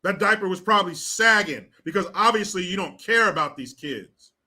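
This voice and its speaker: A man's voice: high-pitched, lively intonation, moderate pace, sharp tone. A man delivering blunt, profane, indignant commentary to the camera. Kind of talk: ranting commentary.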